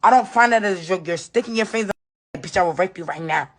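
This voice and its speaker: A woman tells what happened to her on a live video, upset and insistent, and she keeps repeating her points. Her voice sits somewhat low for a woman. She speaks in a casual, emphatic way. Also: quick pace. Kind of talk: recounting an ordeal on a live video.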